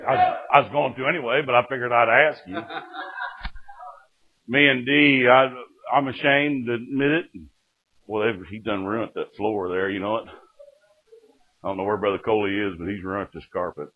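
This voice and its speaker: A man's voice: mid-range voice, steady tone, moderate pace, pauses often. A middle-aged man, preaching and telling his testimony with fervor, often breaking in with "Amen". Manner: fervent storytelling, punctuated with "Amen". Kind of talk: sermon testimony. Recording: tinny lo-fi phone-like sound.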